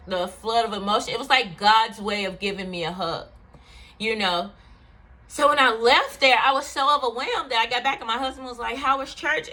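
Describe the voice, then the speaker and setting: Woman vlogger, young adult, candid confessional storytelling, bright tense voice, loose and rambling. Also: a little high. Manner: candid, emotional, rambling with fillers. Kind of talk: personal storytelling to camera.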